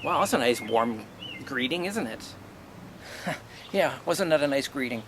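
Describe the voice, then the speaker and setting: A man's voice: medium pitch, lively intonation, measured pace, background noise. A middle-aged man telling a personal family story in a blunt, aggrieved way, swearing often and asking rhetorical questions. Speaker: vlogger.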